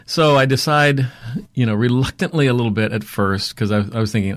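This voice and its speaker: A middle-aged man, a talent agency owner, telling his story in a rambling, animated interview way. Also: on the low side, fairly quick, dry recording. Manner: rambling, fillers, animated retelling.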